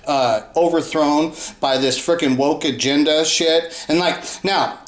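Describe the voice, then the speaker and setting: A man hosting his own channel, going from calm explanation into profane, furious shouted rants. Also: on the high side, measured pace, reverberant. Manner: swings from calm talk to furious shouted cursing. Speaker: channel host. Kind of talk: profane ranting response video.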